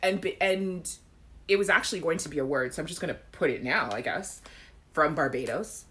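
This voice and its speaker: A woman's voice: low-pitched, a little fast. A young Caribbean woman with a Caribbean accent, hosting a live chat show, reading viewer comments and chatting casually with frequent laughs and sung snippets. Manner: animated, laughs often, acts out song lines.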